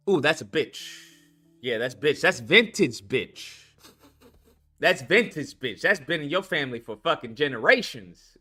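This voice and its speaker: A man's voice: on the high side, big pitch swings, unhurried, bright, forceful tone, faint music behind. A man hosting a live stream, ranting in a heated, mocking and profane way, taunting a viewer to call in.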